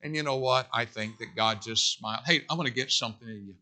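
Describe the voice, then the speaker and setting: A male pastor preaching a sermon in a folksy style that builds to loud, emphatic peaks. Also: mid-range voice, fast.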